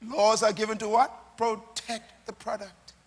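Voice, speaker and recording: A Bahamian man preaching a sermon, asking the crowd questions and answering them, dropping soft and then rising to loud emphatic lines. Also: high voice, little pitch movement, measured pace, big-room sound. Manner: emphatic, call-and-response questions, swings between soft and loud.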